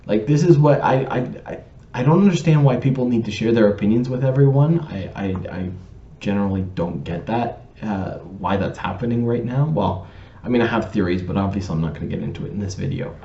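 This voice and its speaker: A man's voice: fairly low pitch, brisk, warm tone, a little hiss or hum. A man from Canada tells a personal story to camera in a pedantic, digressive way, with lots of ums and restarts. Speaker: vlogger telling a personal story. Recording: roomy, slightly dull recording.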